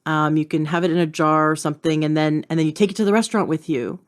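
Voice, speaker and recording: A woman's voice: low-pitched, fairly even intonation, fast talker. A woman hosting a podcast, talking casually with many fillers and restarts and laughing easily. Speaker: podcast host. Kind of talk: casual conversation.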